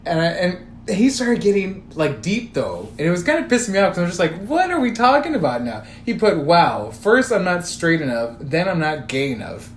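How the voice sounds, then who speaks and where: Animated man telling a story in an echoey room. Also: a little high, normal speed, few pauses. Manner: animated storytelling, swearing, quoting text messages. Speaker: podcast co-host. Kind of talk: casual chat. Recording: roomy echo, faint room noise.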